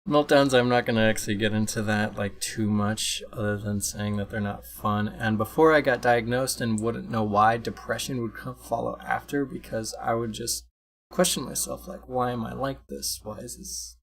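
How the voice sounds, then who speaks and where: A young man talks unscripted to his camera from a room at home, recorded on a computer microphone. His voice sits at an ordinary middle pitch. He rambles, trails off, restarts sentences and keeps apologizing. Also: measured pace, vocal fry, fairly bright tone. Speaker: vlogger. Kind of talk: casual unscripted talk to camera.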